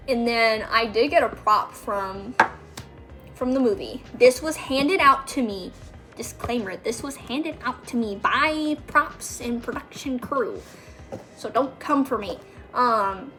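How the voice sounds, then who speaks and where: A young woman with a slightly high voice tells stories of her days as a background extra in a loose, chatty way. She fills her talk with fillers and acts out what others said. Soft music plays faintly under her voice. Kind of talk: casual storytelling.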